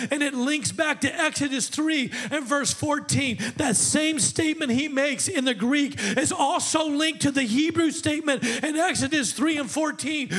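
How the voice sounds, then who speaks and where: A male pastor with a very high voice preaches to his congregation. He swings from quiet teaching into fervent, shouted peaks and calls for responses from the room. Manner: preaching, rising to shouts, call-and-response asides. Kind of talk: sermon.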